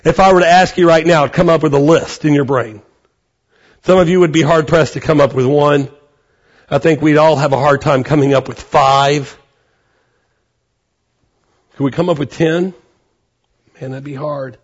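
A male pastor preaching a conversational sermon, acting out quotes with animated energy. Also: on the high side, normal speed, pauses often, muffled recording.

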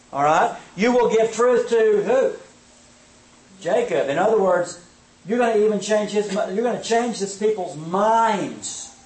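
High-voiced man teaching Bible survey. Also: slight background noise. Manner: conversational, checking in with "okay?" often. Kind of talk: informal Bible survey lesson. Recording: echoey room, mic at a distance.

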